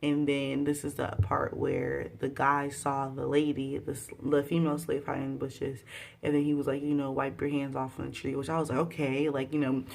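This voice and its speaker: Woman, low voice, casual episode recap, slangy, talks to viewers, loud bursts. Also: completely flat delivery, brisk, creaky. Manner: chatty, slangy, addresses viewers directly; swings into loud exclaiming at times. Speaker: TV episode reviewer.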